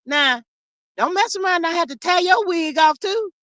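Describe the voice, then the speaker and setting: Someone playing sassy Miss Marlene, high and lively. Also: normal speed, a little hiss or hum, exaggerated voice, low-quality recording. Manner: sassy, calls everyone honey and child; dramatic, playfully threatening. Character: sassy gossiping woman persona, Miss Marlene, quick to clap back. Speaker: livestream host reading viewer comments. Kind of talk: live chat.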